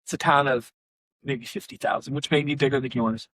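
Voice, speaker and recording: A man's voice: medium pitch, steady tone, a little fast, fairly bright tone, no echo. A man, a pastor, giving a conversational workshop talk, animatedly telling stories and acting out both sides of conversations. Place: conference room.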